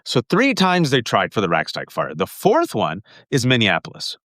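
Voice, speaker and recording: Calling his audience folks, this middle-aged political commentator with a New York accent hosts a live stream in a rapid-fire, emphatic style. His mid-range voice swings hugely in pitch with a fairly bright tone, recorded dry with clean studio sound.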